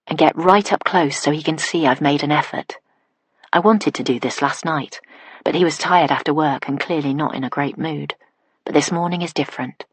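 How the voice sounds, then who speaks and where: Low breathy female audiobook narrator. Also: no echo. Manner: intimate narration of a woman's inner voice, dropping to whispers. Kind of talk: first-person thriller narration.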